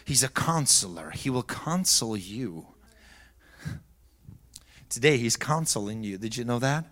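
A middle-aged pastor preaching a sermon, moving between quiet, low talk and loud yelled peaks. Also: male voice, lively intonation, a little slow, long pauses. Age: middle-aged or older. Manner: swings from soft and low to yelling at high pitch.

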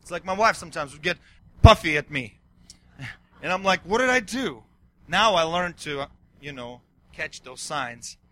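Excitable man preaching, high bright voice. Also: moderate pace. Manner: excitable, swings between yelling and quiet asides. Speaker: pastor. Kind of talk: sermon.

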